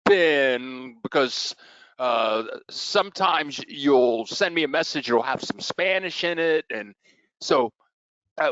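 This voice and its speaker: A man hosting his own channel, interviewing a guest in a casual way, speaking slowly with many ums and uhs. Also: on the high side, fairly bright tone, clean tone, no echo, muffled recording. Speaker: YouTube channel host and interviewer.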